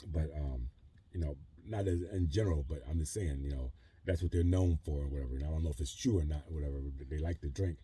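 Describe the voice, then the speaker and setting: Male vlogger, middle-aged, very dark and mellow tone, loose filler-heavy monologue. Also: deep voice, breathy edge. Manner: rambling, heavy on fillers like "you know" and "whatever". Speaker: vlogger living in a truck camper. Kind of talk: casual rambling monologue. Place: truck camper in a trailer park.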